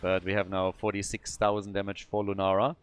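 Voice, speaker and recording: Excitable male esports caster. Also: low-pitched, clean tone. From Germany. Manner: excitable, quick bursts of hype between calm analysis. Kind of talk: live esports play-by-play commentary.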